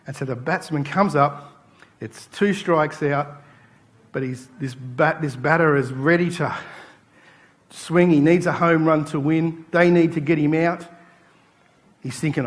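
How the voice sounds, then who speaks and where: A pastor preaches a sermon in a church, animatedly telling stories and acting out the voices of the people in them. His voice is a little high, and he speaks unhurriedly with long pauses.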